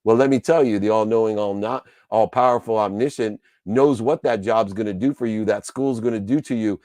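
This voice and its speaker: A man's voice: lowish voice, a little fast, a little mellow, no room sound. Emphatic, preachy male motivational speaker. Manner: emphatic and preachy, with repetitive lists. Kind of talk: motivational speech.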